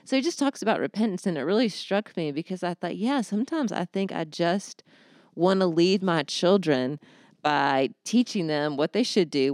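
Low, gravelly-voiced woman. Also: dry recording, clean studio sound. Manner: animated storyteller, acts out quotes. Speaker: podcast co-host. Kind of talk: casual faith discussion.

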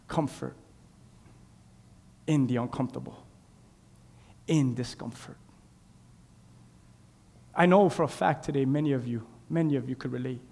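A man with a high voice preaches to his congregation, and his words ring through a big reverberant sanctuary. He swings from shouted, stretched-out declarations to soft, confiding asides. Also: vocal fry. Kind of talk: sermon. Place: church sanctuary. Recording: long reverb in a large hall.

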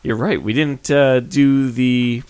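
A man hosting a casual podcast, talking quickly and insistently and laughing easily. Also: mid-range voice, steady tone, a little mellow, clean tone. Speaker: podcast host.

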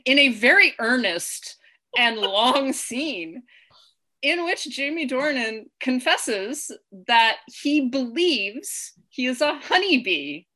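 A woman with a bright, forceful voice, chatting casually as a co-host. She sits a little high in pitch and talks in an animated way, often laughing and swearing as she acts out lines. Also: takes it slowly. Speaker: podcast co-host. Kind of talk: casual chat.

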